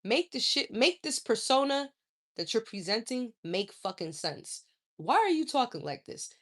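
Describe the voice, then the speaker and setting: A woman's voice: fairly high pitch, big pitch swings, a little slow. A woman hosting a casual live stream, answering viewer comments in a blunt, profane, scolding way.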